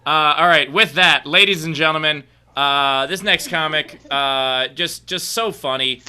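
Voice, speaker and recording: Male comedy host, higher pitch, very bright tone, joking banter and loose intros. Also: unhurried, clean tone. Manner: jokey, introduces acts with filler-heavy patter. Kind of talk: hosting a live online comedy show.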